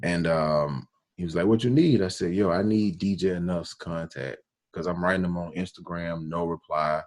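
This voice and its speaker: A radio DJ from Alabama, telling his story in a relaxed interview with slang and quoted dialogue. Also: deep voice, moderate pace. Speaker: radio DJ, podcast guest.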